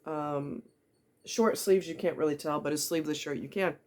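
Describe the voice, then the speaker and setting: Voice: medium pitch, moderate pace. Middle-aged vlogger, earnest and blunt, talks straight to the viewer with pointed questions. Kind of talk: candid personal monologue.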